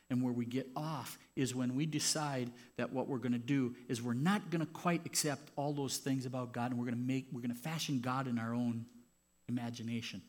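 A man preaching a sermon as pastor in a church, moving from quiet, personal reflection to loud, impassioned stretches. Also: mid-range voice.

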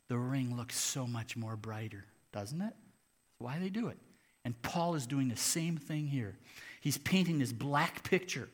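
A man preaching a sermon, moving between hushed, slow passages and loud, emphatic ones. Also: medium pitch. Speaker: pastor.

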